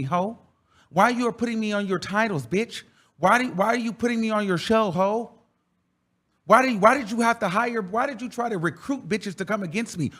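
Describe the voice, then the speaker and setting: A man with a high, fairly bright voice hosts a reaction show. His heated commentary comes out as a profane, confrontational, emphatic rant.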